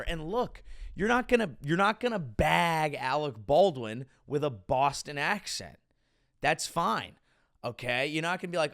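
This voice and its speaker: Gravelly, animated male comedian host. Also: on the high side, unhurried. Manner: sarcastic, mocking, lively riffing. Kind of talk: comedic podcast rant.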